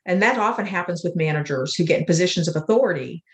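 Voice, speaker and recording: An older woman, an author and interview guest, talking in an earnest, unhurried way and telling spiritual stories. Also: fairly low pitch, lively intonation. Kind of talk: reflective interview talk. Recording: roomy echo.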